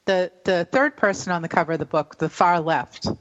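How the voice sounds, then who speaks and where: A woman interviewing a guest in casual chat, chatty and quick to laugh. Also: fairly low pitch. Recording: dull lo-fi audio.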